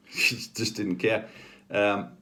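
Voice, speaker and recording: A man's voice: fairly low pitch, steady tone, very slow, pushed and bright. A middle-aged man, a healer telling personal stories in a chatty, rambling way with many ums and asides. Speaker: spiritual healer. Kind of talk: casual anecdotal storytelling.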